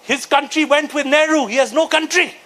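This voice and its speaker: Brisk, mocking male comic from Calcutta; Indian English accent, piercing tone. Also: very high-pitched, sharp tone, low-quality recording. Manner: brisk, mocking, works the crowd. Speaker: stand-up comedian. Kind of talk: stand-up comedy set.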